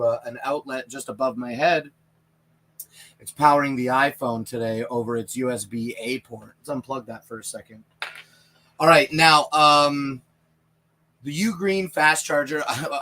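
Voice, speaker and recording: A man's voice: medium pitch, bright, forceful tone. A man with a Canadian accent hosting a casual live stream from inside a small camper trailer, chatting in a rambling way and answering viewers' questions. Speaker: livestream product reviewer.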